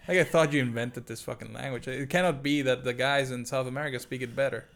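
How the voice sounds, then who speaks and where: A man's voice: medium pitch, fairly even intonation, fast talker, creaky, a bit bright. A man guesting on a podcast, chatting casually with a dry, joking manner. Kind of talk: casual chat.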